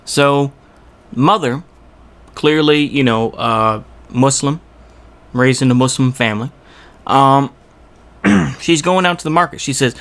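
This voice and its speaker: A man's voice: medium pitch, takes it slowly, pauses often, fairly bright tone. A man giving rambling reaction commentary on a video, exasperated and full of rhetorical asides.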